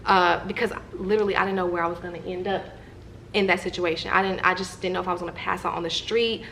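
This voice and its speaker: A woman's voice: fairly low pitch, fast, vocal fry, a little hiss or hum. Chatty young woman telling a story. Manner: animated, chatty storytelling that addresses viewers directly. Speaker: vlogger. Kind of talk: storytime vlog, telling a personal story to viewers.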